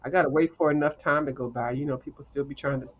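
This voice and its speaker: A woman's voice: deep voice, fairly even intonation, fast. Female stream guest with a casual, joking manner and easy laughs. Audio is dull and lo-fi. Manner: joking, informal, laughs while talking. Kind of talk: casual chat.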